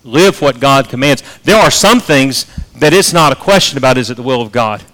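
A man preaching a sermon, rising to loud emphatic peaks and dropping to soft, low asides. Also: lively intonation, a little fast.

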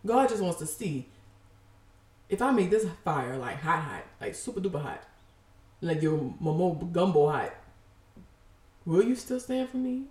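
A woman preaching a casual, passionate sermon, animated and emphatic, full of slang and repeated phrases. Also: low voice, reverberant, distant mic.

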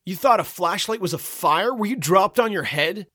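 A man voicing a stocky, gray-haired older man who yells insults in contempt and indignation. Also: medium pitch, sing-song, measured pace, dry recording, studio quality. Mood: contemptuous. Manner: shouting, contemptuous.

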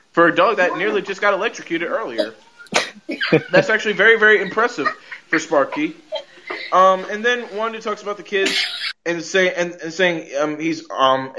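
A man hosting a podcast, recapping an episode in a rambling, casual way, full of "like," restarts and frequent laughter. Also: on the high side. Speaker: podcast host. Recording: dull lo-fi recording with faint noise.

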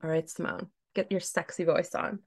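A woman's voice: on the low side, flat delivery, moderate pace. A woman co-hosting a podcast in casual chat, teasing and joking crudely. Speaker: podcast co-host.

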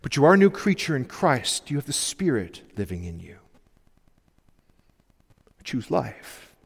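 A male pastor preaching a sermon, earnestly urging his listeners and dropping to soft pleas. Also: medium pitch, very animated, fairly quick, husky. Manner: earnest, pleading exhortation with sudden soft drops. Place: church sanctuary. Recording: long reverb of a church hall.

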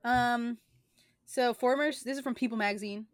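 A woman's voice: a little high, steady tone, moderate pace, no room sound, studio quality. A young woman co-hosting a podcast, talking in a rambling way with many filler words. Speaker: podcast co-host. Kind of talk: casual chat.

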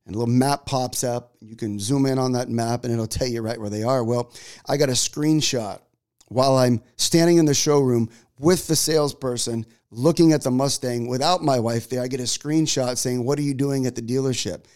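A man's voice: medium pitch, moderate pace, darkish tone, clean tone. A man in his forties, a pastor telling a story in a sermon, chatty and full of restarts. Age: 40s.

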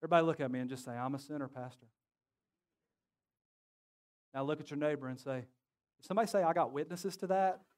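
A man's voice: fairly high pitch, fast, pauses often. A man preaching a sermon as pastor, joking and calling on his congregation to answer back. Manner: lively, joking, calls on the congregation to respond. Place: church sanctuary.

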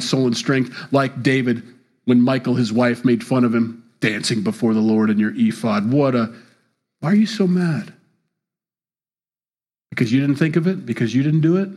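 Husky-voiced man preaching a sermon. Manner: animated preaching, pitch leaps on emphasis. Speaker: pastor.

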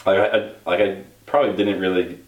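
A man's voice: low voice, fairly even intonation, a little fast, narrow, tinny audio, a little hiss or hum. A young man in a casual chat with friends, speaking hesitantly with many fillers. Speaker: guest. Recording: roomy sound from a distant mic.

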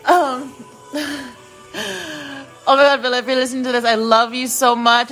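Young woman, podcast host, rambling fan chat, higher voice, faint music behind. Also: little pitch movement, normal speed, pauses often, fairly bright tone. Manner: gushing, rambling, laughs often.

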